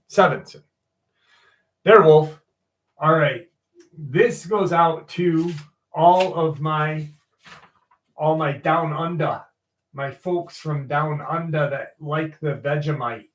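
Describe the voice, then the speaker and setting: A man in his forties with a slightly higher-than-average voice hosts a livestream. His talk is loose and sprinkled with swearing. He reads viewer stories aloud in the same easygoing way. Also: fairly bright tone. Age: 40s. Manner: loose and profane, greets viewers by name. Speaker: livestream host. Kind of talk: casual livestream chat and reading listener stories aloud.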